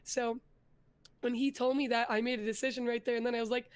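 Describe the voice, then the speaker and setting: Young woman guest chatting in an interview, kinda high voice, earnest, lots of likes and ums. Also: fast talker, clean tone. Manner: earnest storytelling, growing more energetic. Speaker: interview guest, vtuber and artist. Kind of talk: casual interview chat.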